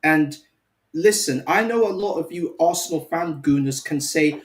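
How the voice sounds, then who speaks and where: A man's voice: a little high, measured pace, background noise. A man speaking as a guest on a fan stream, delivering a teasing, contrarian rant in casual chat.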